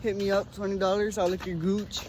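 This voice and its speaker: A man's voice: high-pitched, fairly quick, heavy background noise. A teenage boy introducing himself with crude, joking bragging. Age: teens. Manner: crude, jokey, animated. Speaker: guest.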